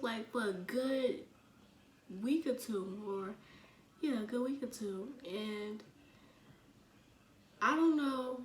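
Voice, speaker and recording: A young woman from the telling a personal story in a halting way, full of fillers, often sinking almost to a whisper. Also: on the high side, distant mic. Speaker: vlogger. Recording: echoey room with faint ambient noise.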